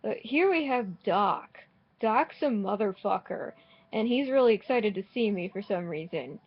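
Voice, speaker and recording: A gaming vlogger rambles through laid-back commentary on her game, sounding dry and sarcastic, swearing bluntly and often restarting her sentences. Her mid-range voice is expressive with a breathy edge, and she speaks unhurriedly. The audio is slightly dull and lo-fi, as if from a cheap home mic.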